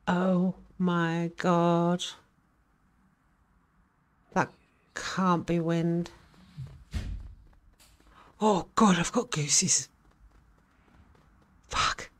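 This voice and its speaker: A woman's voice: fairly low pitch, lively intonation, very slow, long pauses. A woman reacting to a ghost hunt video, jittery, exclaiming and swearing, rambling when nervous.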